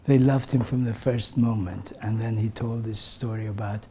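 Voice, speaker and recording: An older man recalling memories for a gathering in a slow, reflective way, his voice often sinking to a soft, breathy near-whisper. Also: fairly low pitch, steady tone, a little hiss or hum. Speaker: community elder sharing memories. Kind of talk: reminiscing talk to a gathering.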